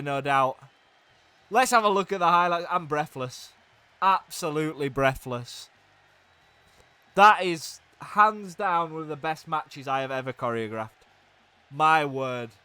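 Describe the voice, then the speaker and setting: A young man giving excitable play-by-play commentary on a wrestling video game, swinging from hushed groans to loud shouts. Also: on the high side, clear, resonant tone.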